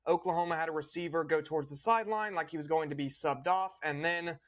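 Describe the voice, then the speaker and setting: A young man hosting a casual recap, opinionated and fluent, with quick small restarts. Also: a little high. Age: young adult. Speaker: host.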